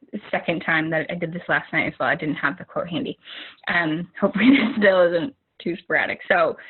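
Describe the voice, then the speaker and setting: Husky young woman on a tinny call. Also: lowish voice. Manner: rambling, many fillers and restarts. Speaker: team leader giving a motivational talk. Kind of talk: informal motivational talk on a video call. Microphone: video call. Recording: narrow phone-like video call audio.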